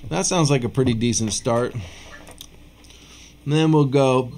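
A man teaching rhythm writing in a relaxed video lesson, counting and scatting beats aloud, with a casual, self-deprecating manner. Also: mid-range voice, slow, slight background noise. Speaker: music teacher.

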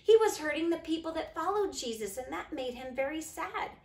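A woman teaching preschoolers online, telling a Bible story in a gentle, sing-song way. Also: high-pitched, lively intonation. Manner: gentle, sing-song, talking slowly to small kids. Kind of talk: storytelling to young children. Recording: echoey room.

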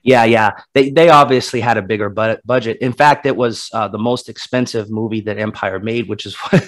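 A man co-hosting a casual movie review podcast, retelling scenes in an animated, rambling way with frequent restarts. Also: on the low side, a little fast. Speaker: podcast co-host.

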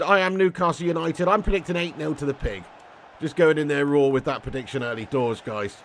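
A young man talks fast and excitably on his live stream while playing a football game. His voice sits fairly high for a man, and he jumps between cheeky banter, trash talk and loud thanks to viewers. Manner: excitable and cheeky, swears, calls viewers legend and mate.

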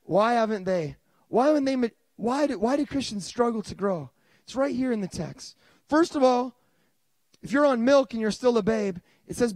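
A man in his thirties preaching a sermon as pastor, telling stories with lively restarts and bursts of excitement. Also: high voice, no room sound. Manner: animated storytelling with many restarts.

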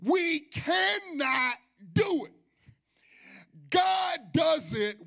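A male pastor preaching a sermon at a church service, swinging between shouted, sing-song passages and low, quiet asides. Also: expressive, measured pace.

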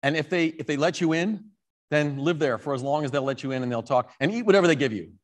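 Man, priest, conversational sermon, animated, self-correcting, fairly high-pitched. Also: fast. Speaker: priest and rector. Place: church.

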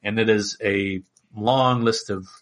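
A man's voice: lowish voice, steady tone, takes it slowly, a bit bright. Chatty male podcast co-host. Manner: rambling, lots of fillers and "like". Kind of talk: casual chat.

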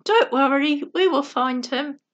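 A woman's voice: high-pitched, measured pace, muffled recording. A woman reading as a kind, reassuring storybook father. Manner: soothing and reassuring.

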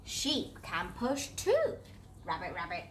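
A woman voicing a croaky, helpful male frog in a children's picture book read-aloud, in a low hushed voice. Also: huge pitch swings, slow, a little hiss or hum, full character voice. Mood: excited.

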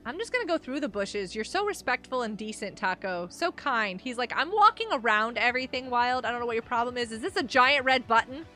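A woman's voice: on the high side, expressive, fairly quick, few pauses, bright, forceful tone, faint music behind. A young woman streaming a game live, bubbly and exclaiming, chatting with viewers as she plays. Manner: bubbly, exclaims and laughs often, talks to chat.

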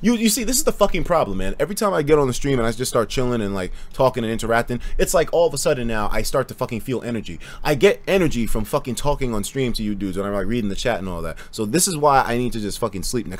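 A young man streaming, telling stories in a casual, animated way and laughing often. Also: mid-range voice, quick pace. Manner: animated storytelling with frequent laughter and profanity.

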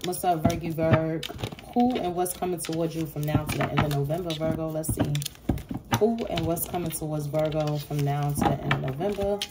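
A woman giving a casual tarot reading, blunt and profane, acting out imagined quarrels in an animated way. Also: sits low, brisk, very noisy. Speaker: tarot reader.

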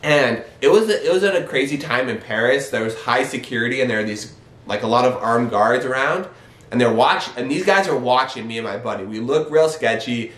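Animated young man, echoey room. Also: medium pitch, brisk. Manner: animated, acts out his own quoted lines. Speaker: vlogger. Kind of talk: casual storytelling.

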